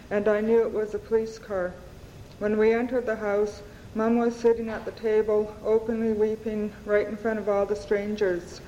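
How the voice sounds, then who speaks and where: A woman author reading aloud from her novel to an audience, in an unhurried, measured way, recorded at an event. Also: mid-range voice, mellow, slight background noise. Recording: dull audio in a reverberant hall.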